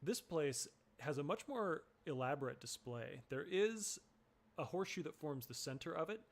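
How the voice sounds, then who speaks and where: A man taking part as a player in a tabletop role-playing game, speaking relaxed with pauses. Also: on the high side. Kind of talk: tabletop role-play chat.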